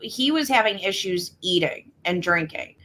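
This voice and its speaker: A woman's voice: lowish voice, expressive, moderate pace, fairly bright tone. A woman co-hosting a casual podcast chat, talking in rambling bits full of restarts and fillers. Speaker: podcast co-host.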